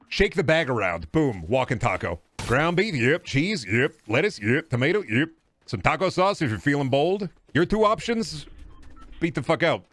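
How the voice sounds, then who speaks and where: A man's voice: medium pitch, fairly bright tone, no echo. Profane rambling man streaming a game. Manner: rambling, profane, riffs into silly voices. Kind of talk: casual gaming stream chat.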